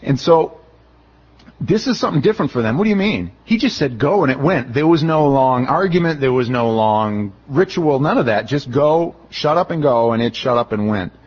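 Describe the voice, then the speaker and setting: A man's voice: medium pitch, normal speed, breathy edge. Middle-aged guy preaching, chatty, does little voices for quotes, kinda dull lo-fi sound. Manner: conversational, acts out quoted voices, animated retelling. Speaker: pastor. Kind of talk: expository sermon.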